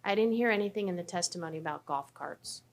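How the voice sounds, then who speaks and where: A woman's voice: on the low side, fast talker. A woman, a county commissioner, speaking in a direct, wry way.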